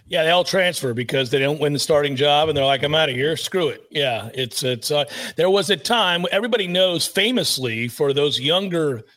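High-voiced joking man co-hosting. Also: normal speed, hardly any pauses. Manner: animated, joking, mock-grandiose. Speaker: podcast co-host. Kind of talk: casual sports podcast chat.

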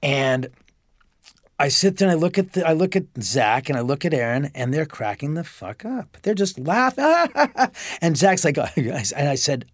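A man telling a story as a podcast guest, animated and profane, acting out the dialogue. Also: fairly high pitch, a little slow, no echo, studio quality. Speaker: homeowner guest.

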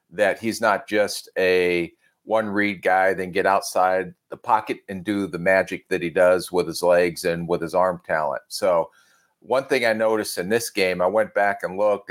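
Low-voiced easygoing male football analyst. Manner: easygoing, self-deprecating, analytical. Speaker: podcast co-host, football analyst. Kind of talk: casual podcast chat.

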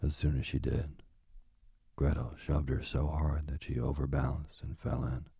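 A man reading a fairy tale aloud in a hushed, dramatic storytelling manner. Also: rumbling low, level tone, moderate pace, breathy edge, no echo, clean studio sound.

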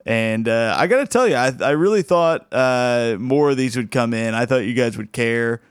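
A man hosting a comedy podcast in a relaxed, chatty way, chuckling often between thoughts. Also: mid-range voice, moderate pace, clean tone, no echo, studio quality. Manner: laid-back, chuckles often, restarts. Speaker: podcast host. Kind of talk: casual podcast chat.

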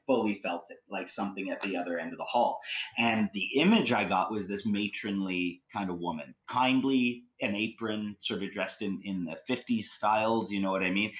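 A man with a very low, deep voice tells a long personal story in an easy, conversational way. He rambles, circles back and restarts his sentences, leaning constantly on "like" and "you know". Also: fairly bright tone, low-quality recording. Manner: rambling, many fillers and restarts. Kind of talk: casual storytelling.

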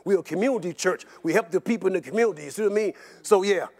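Older male guest, high voice, rapid animated rambling storyteller. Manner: animated and rambling, repeats words, laughs often. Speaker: interview guest. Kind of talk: personal storytelling in an interview.

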